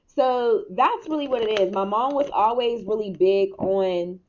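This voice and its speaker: Speaking at a measured pace in a mid-range, slightly mellow voice, a young adult tarot reader offers a relaxed spiritual reading. She laughs a lot, talks candidly, and occasionally swears, over a hissy, muffled mic.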